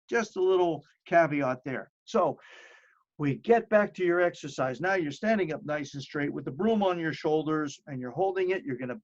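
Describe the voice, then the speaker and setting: A middle-aged man with a fairly high voice talks through home exercises in a chatty, encouraging way, piling up repeated phrases for emphasis. The audio is dull and lo-fi. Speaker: wellness presenter. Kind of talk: home fitness presentation.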